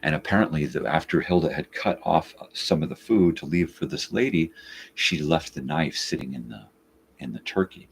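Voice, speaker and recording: A man's voice: rumbling low, normal speed, creaky, a little hiss or hum. A man hosting a live morning show, telling a story casually, swearing and exasperated, acting out both sides of what was said. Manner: animated, acts out both sides of the quoted talk.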